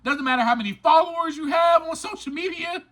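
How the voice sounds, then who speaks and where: A man's voice: very high-pitched, brisk, sharp tone. A man hosting a recovery podcast, talking straight to his listeners in an emphatic, preachy way and repeating lines for stress. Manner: speaks straight to listeners, informal. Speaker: podcast host. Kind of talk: motivational recovery podcast monologue.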